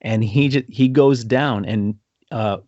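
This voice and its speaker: A man's voice: medium pitch, slow pace, a little mellow, no echo. A man co-hosting a film podcast, telling stories in a loose, rambling way and laughing often. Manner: rambling storyteller, laughs often, acts out quotes. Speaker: podcast co-host. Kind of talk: casual film review chat. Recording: dry, dull lo-fi sound.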